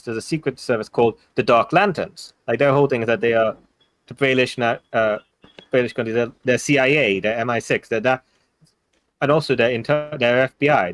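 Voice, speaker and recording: A young man with an Indian English accent, running a casual tabletop game session as dungeon master. He rambles through ideas with lots of "like" and restarts, and adds quick jokes. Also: mid-range voice, no room sound.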